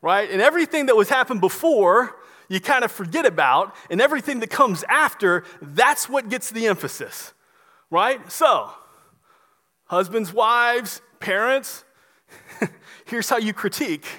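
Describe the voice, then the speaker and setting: High-voiced preacher in a reverberant hall. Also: male voice, lively intonation, a little slow. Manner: emphatic preaching, repeats phrases, drops soft on key words. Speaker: pastor. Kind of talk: sermon.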